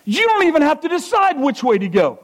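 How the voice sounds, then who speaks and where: High-voiced preacher man, swinging loud and soft. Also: sing-song, brisk, poor audio. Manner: swings from loud, high exclamations to quiet, low earnestness; asks the congregation questions. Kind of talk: sermon.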